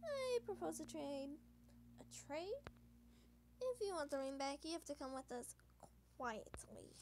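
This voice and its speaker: A woman voicing a charming, gentle young male thief with a smooth, teasing manner. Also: high voice, animated, measured pace, a little hiss or hum.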